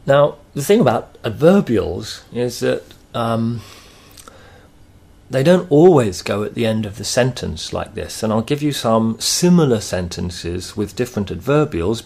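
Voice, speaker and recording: A man teaching a grammar lesson, explaining slowly and patiently with thoughtful pauses. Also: mid-range voice, vocal fry, a little mellow, breathy edge.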